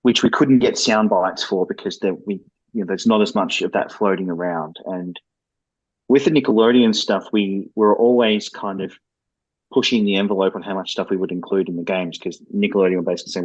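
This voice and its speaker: A man's voice: low-pitched, steady tone, a little fast, slightly rough, no room sound, muffled recording. A man who develops video games, speaking as a guest in a podcast interview and explaining things candidly and at length.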